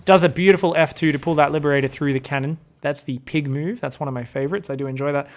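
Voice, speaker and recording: A young man with a slightly high voice casts a strategy game with bouncy excitement. He laughs often and jokes around, putting on silly voices for the players. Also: fast. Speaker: game caster. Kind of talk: excitable esports commentary.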